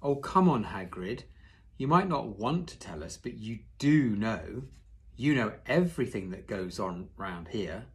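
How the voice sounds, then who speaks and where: A clever young schoolgirl coaxing an adult with flattery, voiced by a man reading aloud. The tone stays persuasive and warm-sounding. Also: lowish voice, measured pace.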